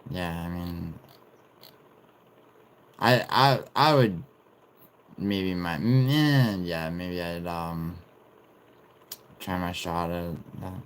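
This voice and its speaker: A man's voice: low-pitched, drawn-out words, pauses often, a little hiss or hum. A man streaming live, casually reading and bantering with viewers' messages in a loose, profane way.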